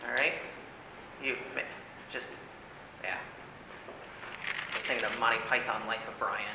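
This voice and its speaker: A man's voice: mid-range voice, fairly even intonation, a little slow. A man leading a casual church Bible study, talking emphatically with many fillers and "right?" tags. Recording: echoey hall with faint room noise.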